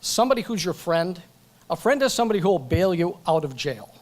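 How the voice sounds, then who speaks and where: Guy accepting an award at a banquet, kinda high voice, jokey and chatty, keeps going off script. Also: sing-song, fast. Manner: joking, chatty, goes off script. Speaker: award recipient. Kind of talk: acceptance speech. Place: banquet event at a club. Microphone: microphone.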